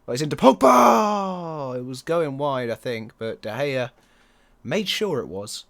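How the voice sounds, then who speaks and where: Excitable man yelling at a football game. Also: medium pitch, unhurried, gravelly. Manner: excitable, groans and yells at the match. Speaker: video game commentator. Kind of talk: let's play commentary.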